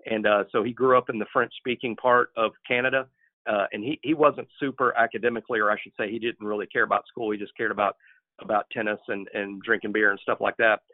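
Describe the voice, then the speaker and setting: A man co-hosting a podcast, telling a casual story with many fillers and lively quoted lines. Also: fast talker. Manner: hesitant with many fillers, acts out quotes with rising pitch. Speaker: podcast co-host. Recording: tinny phone-like dry line.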